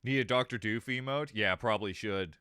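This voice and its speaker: A man casually chatting on a livestream, animated and laughing, with plenty of swearing. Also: lowish voice, a little fast, smooth, no echo, clean studio sound. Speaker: streamer.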